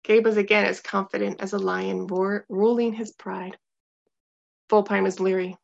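A woman reads a storybook aloud in a measured, steady way. Her voice sits at a middle pitch with a gravelly edge. The recording sounds dull and lo-fi. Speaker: narrator. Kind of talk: scripted storybook narration.

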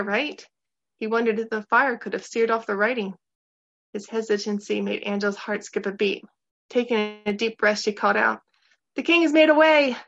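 A woman reads a storybook aloud in a measured, steady way. Her voice sits at a middle pitch with a gravelly edge. The recording sounds dull and lo-fi. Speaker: narrator. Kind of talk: scripted storybook narration.

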